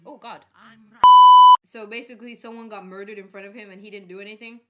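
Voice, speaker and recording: Casual woman host, bright and quick, chatty with jokey asides. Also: medium pitch, steady tone, slight background noise. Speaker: reaction video host. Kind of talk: casual reaction commentary.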